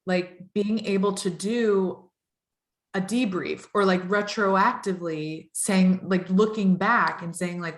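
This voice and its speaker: A woman's voice: medium pitch, fairly even intonation, measured pace. Woman tarot reader guest, flowing and earnest, roomy echo on the voice. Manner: flowing, earnest, builds long reflective sentences. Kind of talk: spiritual podcast conversation. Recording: echoey room sound.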